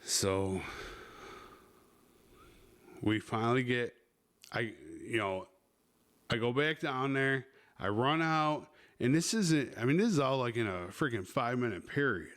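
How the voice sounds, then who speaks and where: A man's voice: mid-range voice, expressive, unhurried, long pauses, a bit bright. A man hosting a podcast, telling a rambling, crude story full of swearing. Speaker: podcast host.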